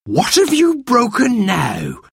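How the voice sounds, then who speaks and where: A man's voice: medium pitch, big pitch swings, measured pace, creaky, slightly rough, exaggerated voice. A man voicing a cross, scolding nursemaid in a storybook reading.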